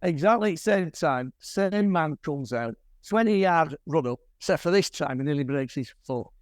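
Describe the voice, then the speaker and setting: A man's voice: on the high side, expressive, normal speed, no echo. An older man gives a chatty slide talk to a camera club, telling stories with dry, wry humour. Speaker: guest presenter at a camera club. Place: club meeting room.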